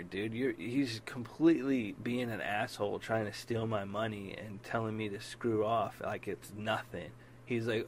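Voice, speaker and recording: A man's voice: on the low side, a little hiss or hum. Heated, blunt man telling a story. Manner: heated, blunt retelling with swearing; voice rises when quoting himself in arguments. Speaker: podcast host. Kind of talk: casual storytelling podcast.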